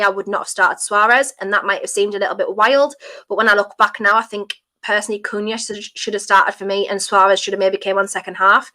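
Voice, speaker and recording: A woman's voice: medium pitch, sharp tone. A woman football fan giving frank, critical post-match reaction on her team's defeat.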